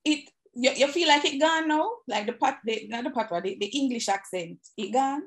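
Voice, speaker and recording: A woman with a Jamaican accent asking questions in a casual interview, reacting with quick exclamations. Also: high-pitched.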